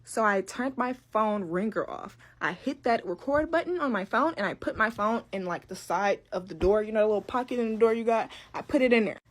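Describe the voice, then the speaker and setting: A woman's voice: mid-range voice, brisk, few pauses. A young woman telling a story in casual, profane talk, acting out what others said. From Detroit. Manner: animated, profane, quoting others in raised voices.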